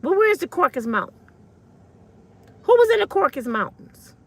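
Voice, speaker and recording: A woman's voice: very high voice, big pitch swings, fairly quick, a bit bright. A woman in her fifties, an online commentator, delivering a blunt, fiery, profane rant full of slang. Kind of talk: ranting monologue.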